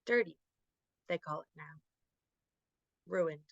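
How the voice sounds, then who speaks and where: Woman reciting spoken word poetry, gravelly. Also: deep voice, no echo, muffled recording. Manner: rhythmic, rhyming delivery with deliberate pauses. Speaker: poet at an open mic.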